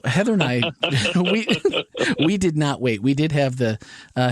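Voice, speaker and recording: Middle-aged man telling stories in dry sound. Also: no room sound. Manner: storytelling, voices his daughter higher. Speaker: podcast co-host. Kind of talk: casual chat.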